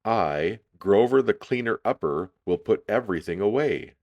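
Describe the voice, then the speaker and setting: A man's voice: on the low side, lively intonation, moderate pace, darkish tone, dull audio, natural voice. A man voicing an eager, sensitive young furry monster boy in a read-aloud storybook, speaking earnestly and plainly.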